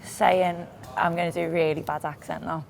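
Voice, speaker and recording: A woman with a Liverpool accent, co-hosting a podcast and talking about football in a lively, emphatic way. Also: lowish voice, normal speed, creaky, heavy background noise. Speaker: podcast co-host. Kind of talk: casual football chat.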